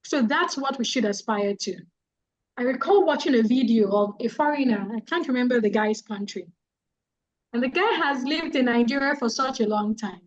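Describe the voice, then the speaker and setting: A woman's voice: on the high side, moderate pace, dull audio. A woman giving a public speaking talk on an online call, speaking earnestly and repeating key phrases for emphasis. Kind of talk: guest talk on a webinar.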